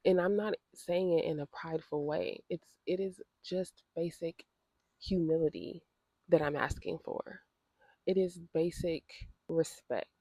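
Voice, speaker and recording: A woman's voice: deep voice, vocal fry, dark tone, dry recording. A woman vlogger telling a personal story in a direct, indignant and emotional way, often repeating her phrases for emphasis. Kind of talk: storytime vlog.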